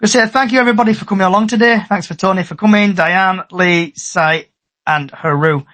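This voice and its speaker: A man's voice: high-pitched, brisk, fairly bright tone. A man with a Middlesbrough accent hosting a podcast in chatty, upbeat casual talk, thanking his regulars. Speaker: podcast host. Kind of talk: casual chat.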